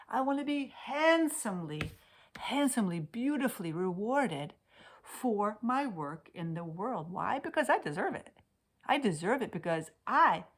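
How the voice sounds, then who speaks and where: A woman coaching decluttering, speaking straight to camera on a computer, dropping to near-whispers and rising to emphatic declarations. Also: on the low side. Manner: intimate, swings from soft whispers to emphatic declarations. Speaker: Swedish death cleaning coach. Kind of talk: heartfelt direct-to-camera talk. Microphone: webcam on a computer.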